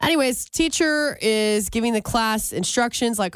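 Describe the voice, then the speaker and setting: A woman co-hosting a talk show, telling a story in casual chat and jumping into higher voices when she quotes people. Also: normal speed, hardly any pauses, smooth, no room sound. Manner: animated, jumps high when quoting people. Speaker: radio show co-host.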